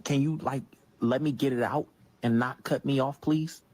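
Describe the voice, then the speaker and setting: A man's voice: mid-range voice, steady tone, moderate pace, a little mellow, natural voice. A man playing an irritated, argumentative girlfriend in a comedy skit who keeps twisting her partner's words.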